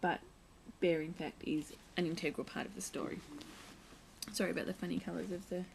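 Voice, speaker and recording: A woman's voice: fairly low pitch, fairly even intonation, a little fast, gravelly, darkish tone, a little hiss or hum, rough recording. Chatty young woman vlogger, home camera. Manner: chatty, aside-prone, playful. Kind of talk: casual show-and-tell of a picture book.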